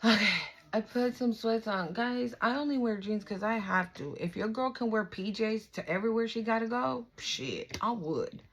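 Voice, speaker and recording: A woman's voice: a little high, moderate pace, rough recording. A young adult woman giving a casual spiritual card reading, chatty and affirming, with fillers and swearing. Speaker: tarot reader.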